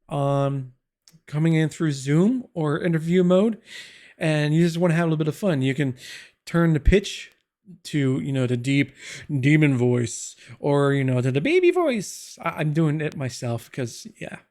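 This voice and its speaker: A man reviewing streaming software in a casual tutorial, rambling with many fillers and restarts, speaking into a desk broadcast mic in a home studio. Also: a little high, normal speed. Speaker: tech reviewer.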